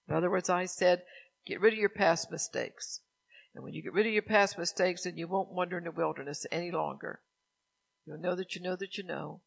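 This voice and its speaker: An older man preaches in a high, gravelly voice that's a bit bright, keeping things conversational and full of everyday stories. Along the way he puts questions to the congregation.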